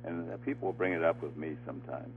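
Older man, former game show host, low voice, halting storyteller, heard over a tinny phone line with faint music. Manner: halting anecdote full of uh fillers, laughing as he tells it. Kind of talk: storytelling in an interview.

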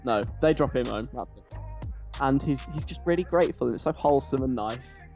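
A man's voice: mid-range voice, fairly quick, vocal fry, soft background music. A man chatting enthusiastically and gushing about a show he loves, restarting his sentences often. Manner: animated, gushing, with frequent restarts. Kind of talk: casual enthusiastic chat.

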